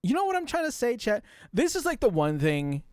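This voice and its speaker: A man's voice: very high voice, huge pitch swings, brisk, darkish tone, no echo, clean studio sound. A man streaming a casual reaction commentary, rambling and talking straight to his chat while demonstrating voice tricks.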